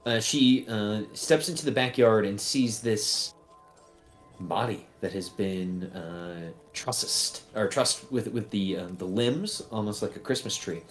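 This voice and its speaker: A man narrating a tabletop game as game master, relaxed and full of fillers. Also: on the low side, a little slow, soft background music.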